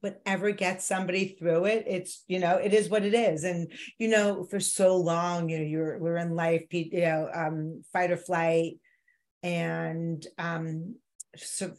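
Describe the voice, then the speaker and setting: A woman's voice: lowish voice, steady tone, unhurried, a little mellow. A woman hosting a wellness talk show, speaking in an encouraging, affirming way and interviewing her guest. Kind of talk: podcast interview, wellness chat.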